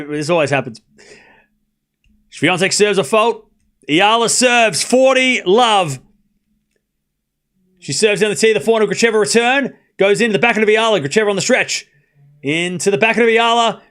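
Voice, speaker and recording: Young male streamer, high voice, quick excitable tennis call to chat, drops to a mutter then shouts. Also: clean tone. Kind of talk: live play-by-play commentary to chat.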